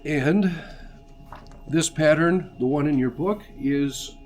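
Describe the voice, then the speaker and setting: A man's voice: fairly high pitch, slow, darkish tone, slight background noise. A man teaching congregational song leading, patiently coaching and counting beats aloud. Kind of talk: instructional lesson. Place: church.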